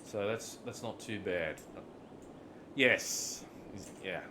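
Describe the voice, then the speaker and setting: A man's voice: lowish voice, extremely slow, background noise. A man with an Australian accent, chatting casually while streaming a city-building game and drifting into rambling stories full of slang. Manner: relaxed, rambling storyteller with slang. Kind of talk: casual live-stream commentary.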